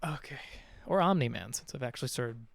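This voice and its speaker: This streamer talks casually with viewers during gameplay, cracking jokes and reading lines from the game out loud. His medium-pitched voice is animated and fairly quick, with vocal fry. There's no room sound, only faint game music in the background.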